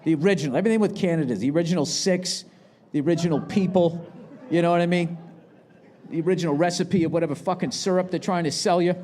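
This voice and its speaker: A man doing live stand-up, ranting sarcastically and profanely, with shouted bursts, on a handheld mic before a big crowd. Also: on the high side, quick pace. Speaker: stand-up comedian. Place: large live venue with audience. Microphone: handheld microphone.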